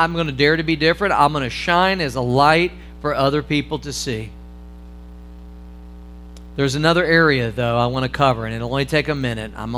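A man delivers a sermon from the pulpit in a voice that sits a little high. He moves between quick, chatty stretches and slow, weighty lines. A faint bed of music plays underneath. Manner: animated preaching with acted-out asides and slow emphatic phrases. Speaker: pastor.

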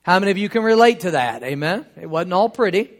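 A man's voice: sits high, sing-song, fast talker. A middle-aged man preaching a sermon in a conversational, joking way, teasing the congregation and laughing along. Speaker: pastor.

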